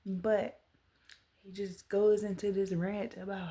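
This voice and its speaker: Woman vlogger, warm mellow voice, earnest personal storytime. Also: medium pitch, slow pace. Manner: earnest, animated when retelling.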